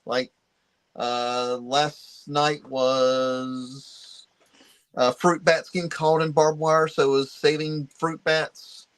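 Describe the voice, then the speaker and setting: Easygoing man with a higher voice. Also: level tone, slow, smooth. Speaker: podcast co-host. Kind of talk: casual chat.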